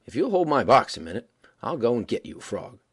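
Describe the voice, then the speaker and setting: A man reading the part of a boastful frontier gambler with a drawling, careless, folksy way of talking and a husky voice. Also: medium pitch, very animated, brisk. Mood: easy careless.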